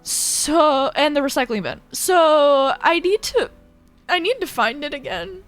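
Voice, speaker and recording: A woman's voice: sits high, animated, measured pace, soft background music. A woman streamer chatting casually with viewers in a rambling, giggly way. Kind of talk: casual chat.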